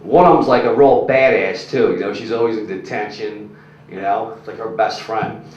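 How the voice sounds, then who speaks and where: On a comedy club stage, a young comedian with a lowish, slightly mellow voice does crude, rambling stand-up at a moderate pace, leaning heavily on "like" and "you know" and working the crowd. The muffled recording catches him from far back in the echoey room, with faint noise underneath.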